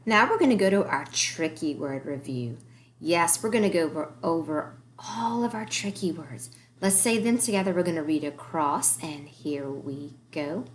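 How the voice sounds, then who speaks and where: A woman's voice: low-pitched, lively intonation, moderate pace, slight background noise. A woman teaching a recorded early-grade reading lesson, encouraging the children and sounding out words letter by letter.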